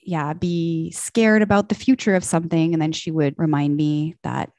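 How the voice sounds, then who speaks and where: A young woman telling a personal story in casual podcast chat, animated and acting out quoted voices. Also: low-pitched, normal speed, no room sound, clean studio sound. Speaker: podcast guest.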